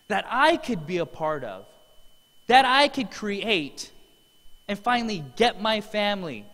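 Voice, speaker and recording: Male seminar speaker with a high voice and earnest, heartfelt delivery, heard with long hall reverb. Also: fairly bright tone. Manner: earnest, emotional storytelling. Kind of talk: motivational testimonial speech. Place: large event hall.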